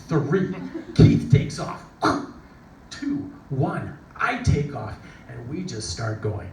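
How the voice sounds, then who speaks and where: A middle-aged man giving a motivational talk, telling a story with lively energy and acting out the people in it. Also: mid-range voice. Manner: animated storyteller, acts out voices and shouts. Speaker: motivational speaker. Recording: echoey hall from a distance, noisy.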